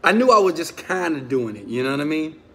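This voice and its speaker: A man, a motivational speaker, tells a personal story with strong feeling. He swings from loud urging to hushed confession and keeps asking his listeners questions. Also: a little high, sing-song, quick pace. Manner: talks straight to listeners with questions.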